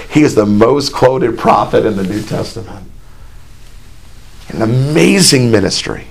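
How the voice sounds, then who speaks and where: A man delivers a sermon in a plain, folksy way and slips in imagined dialogue. His voice sits at an ordinary middle pitch. When he reads scripture aloud, he raises his voice and grows more animated. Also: unhurried, gravelly, slightly rough. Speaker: preacher.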